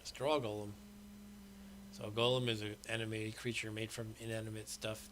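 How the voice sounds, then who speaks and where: A man's voice: on the low side, flat delivery, normal speed, background noise. A middle-aged man hosting a game stream, patiently explaining the rules in casual commentary.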